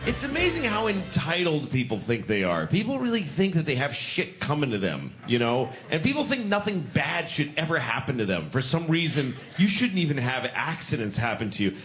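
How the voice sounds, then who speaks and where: A man's voice: on the high side, big pitch swings, a little fast, few pauses, a bit bright, faint music behind. A man doing a live stand-up routine on a club stage, blunt, profane and sarcastic as he works the crowd. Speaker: stand-up comedian. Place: comedy club stage with audience. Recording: noisy live room with crowd.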